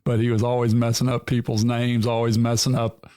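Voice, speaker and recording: A man's voice: medium pitch, monotone, a little fast, mellow, clean tone, dry recording, clean studio sound. A man as a podcast guest, an army veteran casually recalling barracks life and agreeing easily. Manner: easygoing, lots of agreeing yeahs. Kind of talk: casual chat, reminiscing.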